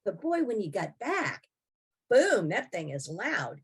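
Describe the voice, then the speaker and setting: A woman's voice: medium pitch, big pitch swings, slow, husky. A woman in her sixties, a podcast guest telling her own story in a wry, blunt way with frequent laughs. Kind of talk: candid personal storytelling.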